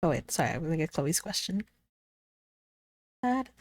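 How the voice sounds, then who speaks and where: A woman's voice: deep voice, sing-song, normal speed, no echo. A woman streaming from her room, chatting casually with her chat, giggly and gushing, swearing lightly. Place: her own room at home.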